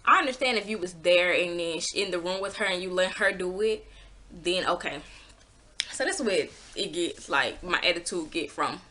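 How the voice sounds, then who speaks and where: A woman telling a personal story in a casual vlog, animated and exasperated, swearing freely and acting out what people said. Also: normal speed. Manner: acts out quotes with pitch jumps.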